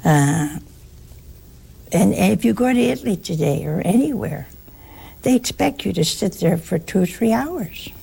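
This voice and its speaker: American woman, religious sister, gravelly and husky, warm chatty storyteller giving a talk. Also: medium pitch, a little slow. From United States. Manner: storytelling, chatty, animated asides. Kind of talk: casual spoken talk to an audience.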